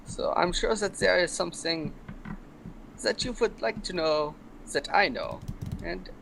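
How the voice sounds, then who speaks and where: A man voicing his own character at a tabletop game, careful and polite in his phrasing. His voice is gravelly and fairly high for a man, with faint room noise behind it. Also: a little slow, fairly bright tone, rough recording. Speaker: player. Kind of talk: in-character tabletop role-play.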